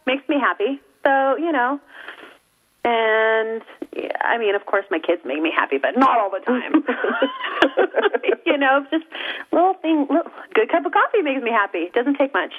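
A woman's voice: on the high side, normal speed. A woman co-hosting a talk radio show, giggly and easygoing. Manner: giggly, lively. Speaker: co-host. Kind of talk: casual chat on talk radio. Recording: phone-line radio sound.

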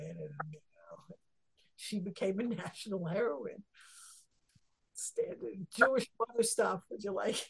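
A woman, a rebbetzin, leading a casual Torah discussion and telling stories with animated emotion. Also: lowish voice, vocal fry, breathy edge.

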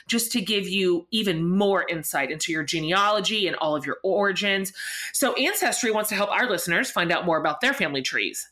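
A woman's voice: medium pitch, a bit bright. A woman hosting a podcast interview, speaking with effusive enthusiasm and also reading an ad. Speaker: podcast host. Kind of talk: warm conversational interview and read ad.

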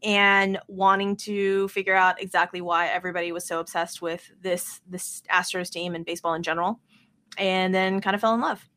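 Female guest, 30s, bright voice, animated self-deprecating storyteller. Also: fairly low pitch, normal speed. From Las Vegas, US. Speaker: podcast guest. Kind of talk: casual storytelling.

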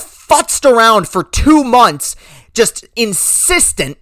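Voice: mid-range voice, expressive, moderate pace, a bit bright, no echo, studio quality. A sports podcast host talking alone, moving from self-deprecating asides into impassioned, indignant ranting about baseball news. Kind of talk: solo sports podcast rant.

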